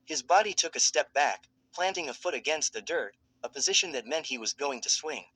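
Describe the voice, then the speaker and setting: A man narrating a fan fiction story in a steady, dramatic storytelling manner. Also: on the high side, a little fast, husky, poor audio.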